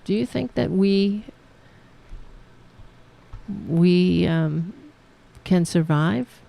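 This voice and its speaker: Woman host rambling on a live stream, slow and kinda low, stops and restarts a lot. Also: creaky, dark tone. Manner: rambling, halting, laughs often, talks to her cats. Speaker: podcast host reading viewer comments. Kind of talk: casual live-stream chat.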